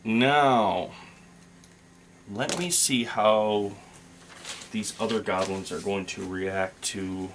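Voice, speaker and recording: Slow, low-voiced man narrating a solo game. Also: fairly even intonation, background noise. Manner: slow, thinking aloud while rolling dice. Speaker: solo tabletop game player.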